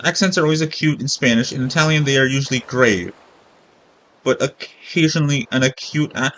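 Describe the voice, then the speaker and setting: A man with a mid-range, slightly bright voice talks a little fast as he casually comments on a game playthrough. He rambles, thinks out loud, and second-guesses himself, let's-play style.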